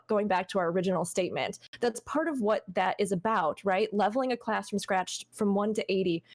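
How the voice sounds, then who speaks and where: A young woman chatting on a gaming podcast in an earnest, talkative way. She gives advice and now and then acts out what a player might say. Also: mid-range voice. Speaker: podcast guest. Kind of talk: casual podcast chat.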